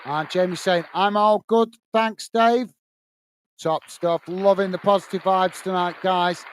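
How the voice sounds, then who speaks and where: A man's voice: high-pitched, steady tone, a little slow, a little hiss or hum. A British man hosting a live football watch-along stream, reading viewers' chat comments aloud in a friendly way and calling them mate.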